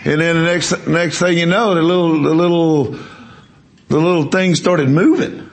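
Male preacher, gravelly, slightly high-pitched, emphatic sermon, questions to the congregation. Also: steady tone, a little slow. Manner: emphatic storytelling, quizzing the congregation. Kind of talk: sermon with testimony.

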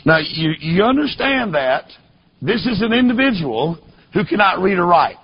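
A man preaching a sermon as a story, emphatic and repeating rhetorical questions to the congregation, at times rising to a shout. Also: sits high, very animated, normal speed, slightly rough. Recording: dull lo-fi recording.

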